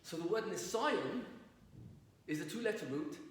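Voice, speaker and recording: Rabbi lecturing a class, fairly high voice, heard from across a very echoey hall. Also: male voice, animated, normal speed. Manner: storytelling, asks the audience questions. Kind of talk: Torah lecture to an audience. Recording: roomy distant recording with faint noise.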